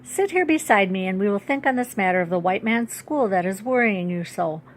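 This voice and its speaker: A very old, wise great-grandfather speaks gently and calmly, read aloud by a woman. His words come slowly and reassuringly, like a bedtime storybook. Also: medium pitch, a little hiss or hum, close to an everyday voice. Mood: gentle reassuring. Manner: slow, soothing, reassuring speech.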